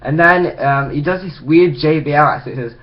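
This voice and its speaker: A man's voice: on the high side, fairly quick, muffled recording. A man casually recapping a wrestling show for his video channel, rambling with frequent restarts. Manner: rambling, full of ums and restarts.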